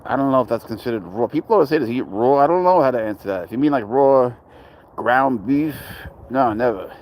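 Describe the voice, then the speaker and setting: A man's voice: mid-range voice, expressive, brisk, a little mellow, poor audio. Young man, rambling crude chatter, phone livestream outdoors, faint traffic noise. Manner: rambling, crude, self-deprecating, talks to his cat. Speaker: cat owner livestreaming. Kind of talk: casual livestream chat, reading viewer comments.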